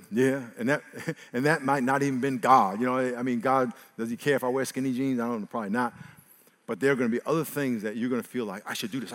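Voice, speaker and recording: A man preaching a sermon as a pastor, animated and humorous. He jumps from loud exclaiming to hushed talk, laughs often, and has the congregation repeat after him. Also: medium pitch, in a large hall.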